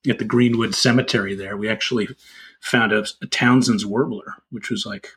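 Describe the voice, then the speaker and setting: A man's voice: on the low side, moderate pace, slightly rough. A man co-hosting a podcast, chatting casually and telling stories with lots of fillers. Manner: relaxed storytelling, many fillers. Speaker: podcast co-host. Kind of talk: casual chat.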